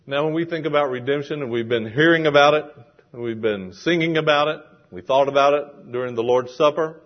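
A male pastor preaches a lively sermon with a voice that's a little high and a little fast, dramatizing the voices he quotes. The sound quality is dull and lo-fi.

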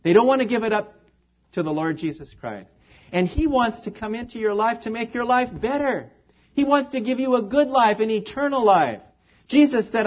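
A man's voice: sits high, slightly rough. A man preaching an earnest sermon in a church, repeating phrases for emphasis. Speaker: pastor. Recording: dull lo-fi recording.

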